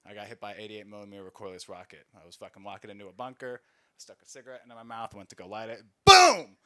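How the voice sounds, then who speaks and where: A man's voice: fairly low pitch, big pitch swings, rapid-fire, pushed and bright. A man, an Army veteran, telling rambling, profane war stories in a casual comedy set and laughing at himself as he goes. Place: small recording studio space.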